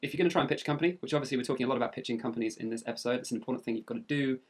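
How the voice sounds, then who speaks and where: Quick easygoing British man. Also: medium pitch. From England. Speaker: podcast co-host. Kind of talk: casual podcast chat.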